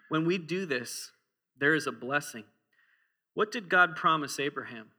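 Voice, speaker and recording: A male preacher in his forties delivers a sermon in a church with a sharp, very bright voice pitched a little high. He talks in a relaxed, humorous way, telling stories and throwing questions out to the congregation. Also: unhurried.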